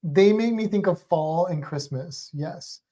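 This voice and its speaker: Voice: medium pitch, measured pace, mellow. A livestream co-host in casual chat, rambling and restarting sentences while talking eagerly about movies. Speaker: teaches a class about sharks.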